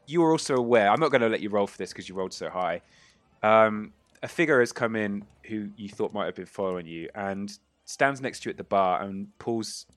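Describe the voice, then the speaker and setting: A man's voice: fairly low pitch, fairly bright tone, no echo. A man narrating as game master of a tabletop game, rambling with many fillers.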